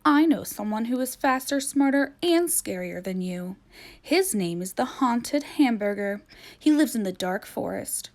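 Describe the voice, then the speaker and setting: A woman's voice: on the high side, animated, unhurried, a little mellow. A woman voicing a young female ghost friend who taunts and dares, storybook reading. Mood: taunting.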